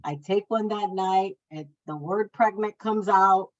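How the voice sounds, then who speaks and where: A woman in her thirties tells a personal story in a middle-pitched voice. When she quotes people, she raises her voice and makes it livelier. The recording sounds a little dull and lo-fi. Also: a little slow. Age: 30s. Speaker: guest sharing her testimony.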